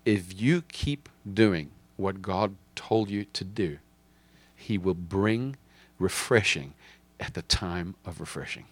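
A man's voice: low voice, lively intonation, slow pace. A man preaching a sermon as pastor, speaking emphatically and repeating key lines for his listeners.

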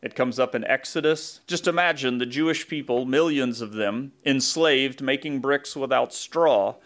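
A man's voice: medium pitch, normal speed, a bit bright. Conversational Southern-accented male pastor preaching. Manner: thinks aloud with asides and self-correcting restarts. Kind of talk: conversational sermon.

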